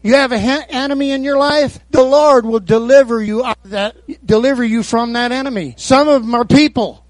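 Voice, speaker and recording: Man, pastor, very high voice, call-and-response sermon, dry close recording. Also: fairly quick, dry recording. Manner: call-and-response preaching, frequent amens and hallelujahs.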